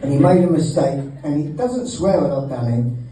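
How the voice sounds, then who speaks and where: A man's voice: on the high side, expressive, moderate pace, mellow, some chatter behind. A man giving a joking best man speech at a wedding, teasing the groom and laughing between lines. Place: wedding reception hall. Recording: echoey hall, mic at a distance.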